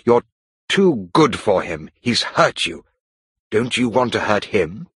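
A man playing a pushy pleading gentleman suitor. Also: lowish voice, sing-song, slow pace, husky, no room sound, heavily acted.

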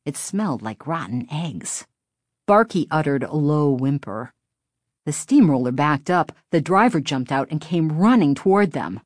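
Slow, expressive woman narrating a story. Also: low voice, no echo, clean studio sound. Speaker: audiobook narrator. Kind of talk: scripted narration.

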